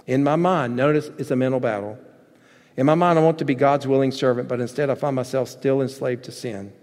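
Earnest preacher in a big echoing hall. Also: male voice, medium pitch, a little fast, a little mellow. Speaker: pastor. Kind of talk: sermon with storybook reading. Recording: long hall reverb.

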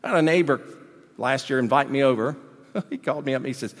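A man preaching a sermon as pastor, animated, swinging between loud emphasis and quiet asides. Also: mid-range voice, fast. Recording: long hall reverb.

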